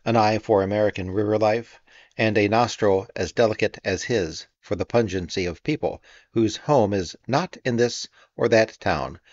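Measured male audiobook narrator, low and dry. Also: no echo, muffled recording. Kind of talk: scripted narration.

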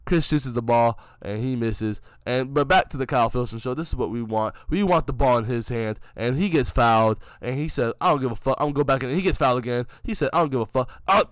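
Over his own game footage, a young man with a medium-pitched voice gives casual, joking play-by-play commentary, hyping up a friend and poking fun at himself.

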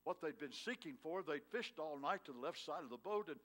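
A male pastor preaching a sermon in a church, swinging from loud, emphatic lines to hushed, tender ones and prodding his congregation with questions. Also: fairly high pitch, expressive, brisk. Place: church sanctuary.

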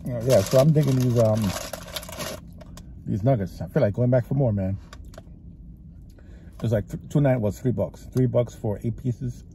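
A man's voice: mid-range voice, moderate pace, pauses often, dark tone, a little hiss or hum. A man with a Texas-sounding drawl vlogging casually as he eats in his parked car, rambling and chatty, talking between bites. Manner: rambling, chatty, talks while chewing. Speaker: food vlogger. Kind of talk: casual eating vlog. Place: parked car with engine running.

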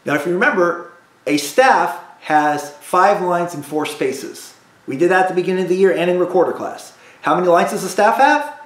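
A man teaching a beginner cello lesson to children, leading call-and-response drills with patient repetition. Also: high voice. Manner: slow, patient, repeats drills for kids. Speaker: school music teacher. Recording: echoey room.

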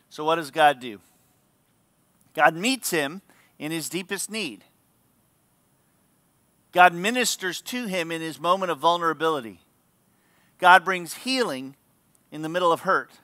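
Pastor guy preaching, high bright voice, super clear, dry close sound. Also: animated, a little slow, pauses often, no echo. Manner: earnest, emphatic preaching. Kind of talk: sermon.

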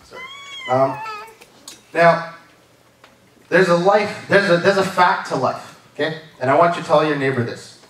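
A man's voice: a little high, huge pitch swings, normal speed, pauses often, fairly bright tone. Guy preaching at church, chatty, keeps asking right? amen?, sounds far off in a big echoey room. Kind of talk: sermon. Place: church service.

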